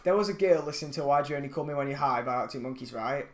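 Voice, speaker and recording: A man's voice: mid-range voice, rapid-fire, roomy sound. A young man co-hosting a podcast in casual chat, blunt and ranting, swearing freely. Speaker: podcast co-host.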